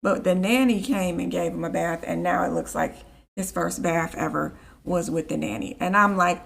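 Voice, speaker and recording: A woman chatting casually while live-streaming a game, rambling and easily annoyed, with a rough morning voice. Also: fairly low pitch, fairly even intonation, normal speed. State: morning voice, just woke up.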